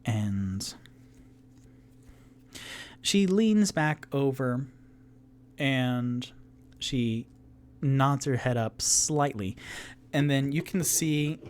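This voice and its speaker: A man narrating as the game master of a tabletop game, describing scenes in a relaxed, casual way. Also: medium pitch, very slow, long pauses. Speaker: game master and solo player.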